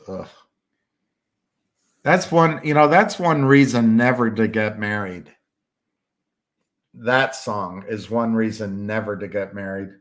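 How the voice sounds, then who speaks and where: A man chatting casually as a stream host, halting often and searching for words with many fillers. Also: on the low side. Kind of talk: casual rambling chat.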